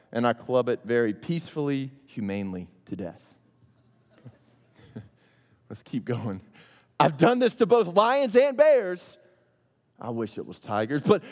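A man preaching a sermon, telling the story in a joking, animated way with slang and acted-out voices. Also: fairly high pitch. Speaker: pastor. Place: large church auditorium. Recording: long hall reverb.

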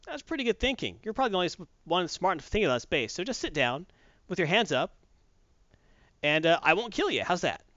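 A man's voice: high voice, big pitch swings, quick pace, pushed and bright, no room sound, pitched above the performer's own voice, heavily acted. Brief: teasing cyborg mercenary woman, played by a man, raised voice, breezy. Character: cocky flirtatious female cyborg mercenary. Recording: dull dry sound.

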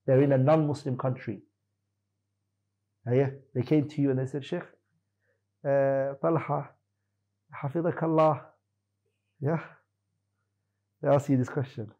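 Man, teacher, husky, classroom quizzing, firm. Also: medium pitch, steady tone, normal speed, long pauses, warm tone, dull audio. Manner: questioning, corrects students firmly. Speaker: Islamic teacher. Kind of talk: classroom lesson quizzing students.

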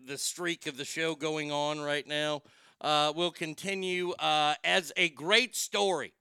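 A brash man hosts a talk show with a high, piercingly bright voice. His tone is smooth and clear, and it sounds dry and close, with no room around it. He wisecracks through loose banter. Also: no echo.

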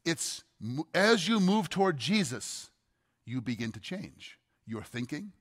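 A man's voice: a little high, very animated, a little slow, long reverb tail. A man preaching a teaching sermon, explaining carefully, posing rhetorical questions and stressing key words. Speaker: pastor.

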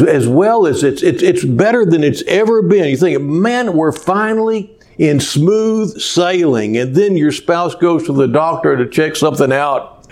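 A pastor preaching a sermon to a small church, reading scripture and then speaking in a measured way, lifting his voice for emphasis. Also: mid-range voice, darkish tone.

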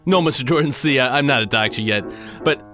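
A man's voice: medium pitch, fast talker, bright, forceful tone, soft background music, lightly acted. A man voicing a nervous, eager young male medical student with a pleading, jittery manner.

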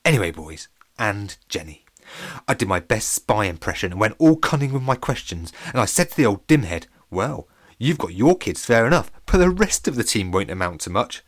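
A man's voice: lowish voice, very animated, moderate pace, no echo. A man voicing a boastful kid acting as a spy, talking in a conspiratorial way.

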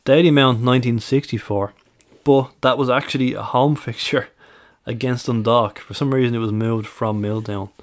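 A man on a casual podcast, working through a list of figures, dates and records. His voice sits in a middling register, and he talks at an even, methodical pace. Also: mid-range voice, normal speed. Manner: reels off stats and dates, methodical. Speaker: podcast co-host, stats presenter.

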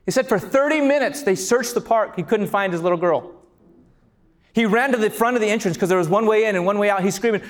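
A man preaching a sermon as pastor, passionate and building to shouts on key lines. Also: sits high, fast talker. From California.

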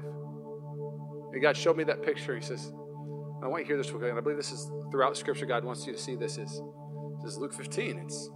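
A male pastor preaching a live sermon in a church, telling a personal story in an animated way and acting out the scenes. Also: medium pitch. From Washington state, US. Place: church sanctuary, live service.

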